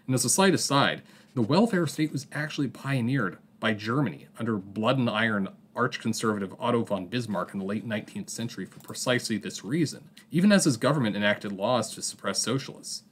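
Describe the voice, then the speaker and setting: A man's voice: mid-range voice, animated, fairly quick, a little hiss or hum. A man hosting a political podcast, reading a history segment with explanatory asides. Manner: explanatory, with asides and book recommendations. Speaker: podcast host.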